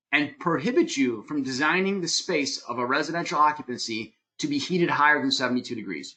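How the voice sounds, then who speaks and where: The webinar presenter's mid-range voice comes across bright and forceful as he lectures online about heating and cooling design. He explains things in plain, emphatic steps with a few fillers, recorded on a computer mic.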